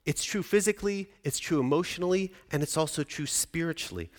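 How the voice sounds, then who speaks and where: This sermon comes from a pastor in his forties whose voice runs somewhat high and a little fast. He keeps it conversational, regularly questioning the congregation, and the church hall around him echoes.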